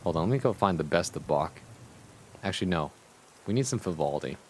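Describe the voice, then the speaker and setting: A man's voice: sits low, expressive, a little fast, slight background noise. A man streaming live, chatting casually with his viewers in a crude, profane and sardonic way.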